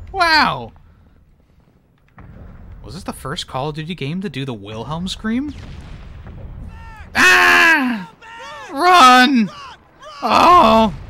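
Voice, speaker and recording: A man's voice: high-pitched, pushed and bright, slight background noise. A man streaming a war video game, giving casual joking commentary, laughing often and swearing now and then.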